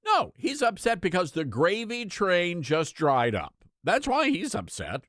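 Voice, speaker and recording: A man's voice: sits high, huge pitch swings, measured pace, fairly bright tone, dry recording. A man hosting a talk radio show, giving opinionated political commentary with emphatic repetition into a studio mic. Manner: emphatic, repeats lines for effect.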